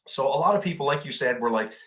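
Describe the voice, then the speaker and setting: A man's voice: mid-range voice, animated, quick pace, a bit bright. A Canadian man, a veteran co-hosting a podcast, telling a war story in casual chat, rambling with many restarts and fillers.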